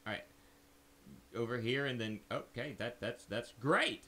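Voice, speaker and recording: A man's voice: mid-range voice, measured pace, sharp tone. A young man doing casual let's play commentary at a desk mic at home, reading the game's text aloud and cracking sarcastic jokes.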